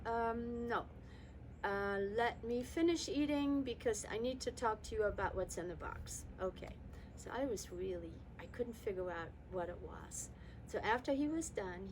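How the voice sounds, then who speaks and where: A woman's voice: on the high side, slight background noise, low-quality recording. An older woman from Germany telling a personal childhood story, acting out the dialogue between herself and her father. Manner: lively, voices her father and her child self in quotes.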